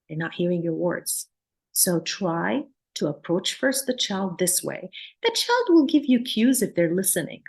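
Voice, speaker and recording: An earnest woman psychologist, Palestinian-born and raised in Jordan, explains material in a workshop she is teaching as a lecturer. Her voice has a medium pitch and a darkish tone. She demonstrates soothing, sing-song tones along the way.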